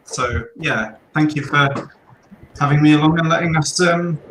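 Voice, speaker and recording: A man's voice: fairly high pitch, normal speed, fairly bright tone, a little hiss or hum, poor audio. A man chatting casually as a guest artist, modest and a little hesitant. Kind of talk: casual video chat.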